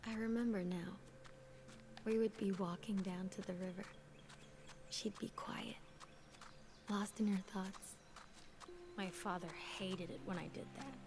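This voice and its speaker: An actress voicing a quiet, wistful adult woman who narrates memories of her childhood in a video game. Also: medium pitch, fairly even intonation, a little slow, pauses often, slight background noise, close to an everyday voice. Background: game music.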